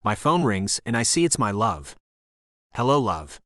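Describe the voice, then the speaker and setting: A man's voice: fairly low pitch, very animated, moderate pace, fairly bright tone, no echo, studio quality. A man narrating a first-person romance audiobook in an earnest, heartfelt manner.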